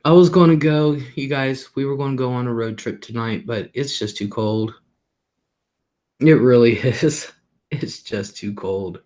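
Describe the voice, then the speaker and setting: A man's voice: mid-range voice, measured pace, a little mellow. A middle-aged man hosting a livestream, talking casually and rambling about his day, often laughing and swearing offhandedly. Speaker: livestream host.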